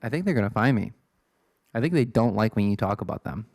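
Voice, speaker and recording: A man's voice: fairly low pitch, animated, fast talker, gravelly, a little mellow, dry recording, studio quality. A man in his twenties from Illinois, hosting a solo podcast in a rambling, self-deprecating way. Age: 20s. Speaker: podcast host.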